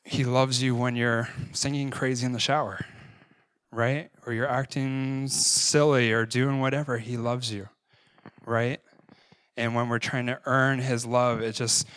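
A man's voice: mid-range voice, fairly bright tone, dry recording. A man preaching a conversational sermon, often checking in with his listeners. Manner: conversational, frequent "right?" tag questions.

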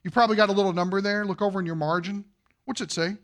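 A man preaching a sermon to a congregation, asking them questions and swinging between loud emphasis and hushed, quiet lines. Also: sits high, fairly even intonation, rapid-fire. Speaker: pastor.

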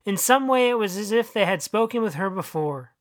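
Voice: mid-range voice, lively intonation, brisk, no echo, clean studio sound. An author narrating their own short story and then chatting casually about it. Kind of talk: audiobook reading and casual commentary.

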